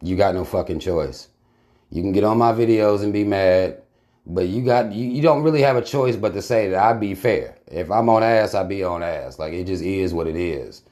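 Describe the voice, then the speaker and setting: A man with a very low, deep voice hosts his own channel. He talks bluntly and emphatically, swearing freely in loose, casual commentary. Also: moderate pace, darkish tone. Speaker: channel host reacting to a video.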